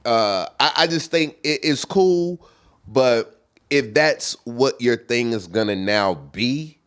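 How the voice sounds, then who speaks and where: Smooth-voiced stumbling comedian. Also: male voice, mid-range voice, expressive, slow pace, a bit bright. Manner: stumbling, repeats words while thinking. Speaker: comedian podcast co-host. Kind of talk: casual chat.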